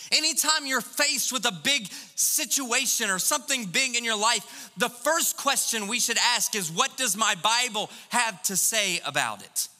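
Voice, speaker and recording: A man preaching a sermon as pastor, animated and full of rhetorical questions. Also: very high-pitched, unhurried, hardly any pauses, big-room sound.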